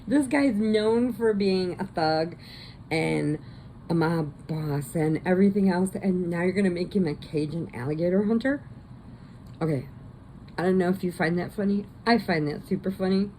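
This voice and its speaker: Woman, low gravelly voice, mellow dark tone, rambling casual chat, faint background noise. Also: moderate pace. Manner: rambling, chatty, laughs often. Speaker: vlogger. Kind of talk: casual movie recap.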